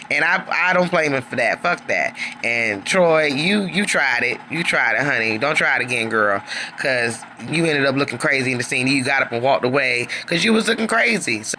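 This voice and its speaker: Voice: mid-range voice, bright, forceful tone, slight background noise. A reality show reviewer recapping an episode in a sassy, chatty way, calling listeners honey and girl.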